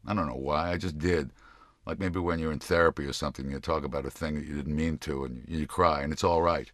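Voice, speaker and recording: Very deep-voiced man reading slowly. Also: steady tone, fairly bright tone, no echo, clean studio sound. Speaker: narrator reading a memoir. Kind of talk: audiobook narration.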